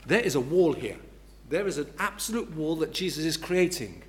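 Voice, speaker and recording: A man's voice: a little high, expressive, moderate pace, a little hiss or hum. A man preaching an expository sermon who explains step by step and repeats key words for emphasis.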